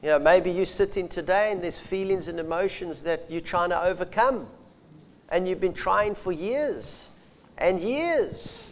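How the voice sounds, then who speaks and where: A man's voice: high voice, normal speed. A man and minister co-teaching in an earnest, exhorting conversational style.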